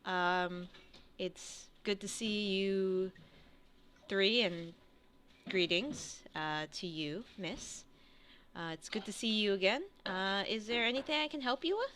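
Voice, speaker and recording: A woman's voice: medium pitch, slow, a bit bright, a little hiss or hum. A woman voicing a polite older male temple master with a courteous, welcoming manner.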